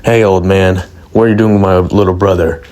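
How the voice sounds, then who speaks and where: A man's voice: low voice, fairly even intonation, fairly quick, darkish tone, natural voice. A man voicing a brash, blunt young Saiyan boy, reading the lines plainly within his narration.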